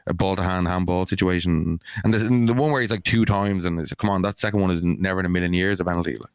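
A man's voice: deep voice, fairly even intonation, fast talker, clean tone, no echo, clean studio sound. A man co-hosting a podcast, arguing in a rambling way with many restarts. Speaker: podcast co-host. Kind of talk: heated casual banter.

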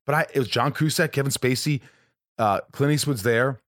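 A man's voice: medium pitch, brisk, a bit bright, no echo, clean studio sound. A man hosting a casual podcast, sharing rambling, chatty stories with his guest. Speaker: podcast host.

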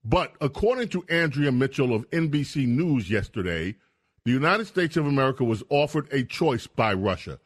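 A man hosting a political talk radio show, speaking in an animated, indignant way with frequent restarts. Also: mid-range voice, normal speed.

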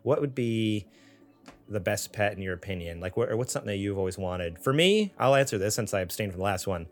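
A man, hosting a casual chat and reading chat comments aloud in a relaxed way. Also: lowish voice, fairly quick, faint music behind. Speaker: podcast host reading live chat.

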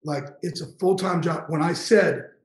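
A man's voice: a little high, normal speed, reverberant, low-quality recording. A man in his fifties, a guest on an interview show, telling an emotional story with intense, profane energy and getting choked up. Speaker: guest, NFL insider.

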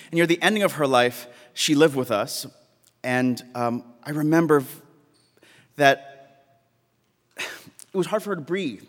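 Man storyteller with a slightly high voice, halting, repeats himself, in a long-reverb live hall. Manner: halting, repeats words, laughs while telling.

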